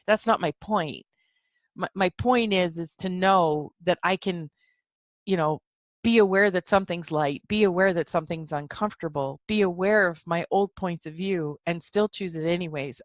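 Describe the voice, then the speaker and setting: A woman hosting a solo self-help podcast who talks excitably and jumps up high in pitch when she quotes her own thoughts. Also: no room sound. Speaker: podcast host.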